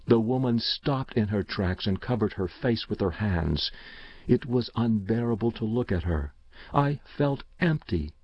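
Man, story narration, somber, measured, low voice, dry dull sound. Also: lively intonation, no echo.

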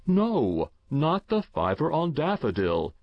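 A hearty, teasing middle-aged uncle with a laugh in his voice, as a man voices him in an audiobook. The pitch swoops up and down, with a gravelly texture. The audio is dry and slightly dull. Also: huge pitch swings, slow pace, no room sound, exaggerated voice.

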